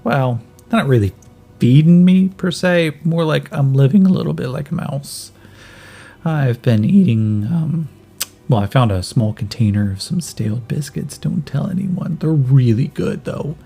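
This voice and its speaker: A man voicing a skinny, starving cyborg boy who jokes darkly and rambles, in a gravelly voice a little higher than his own. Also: animated, a little slow, mellow, exaggerated voice. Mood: joking. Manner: wry, rambling, gallows humor. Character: skinny starving cyborg kid, chatty, joking.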